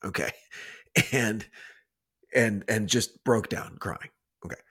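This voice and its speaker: A man's voice: fairly low pitch, takes it slowly, breathy edge. A man co-hosting a podcast, telling a story in casual chat with many restarts and asides. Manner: rambling, restarts, animated retelling. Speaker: podcast co-host.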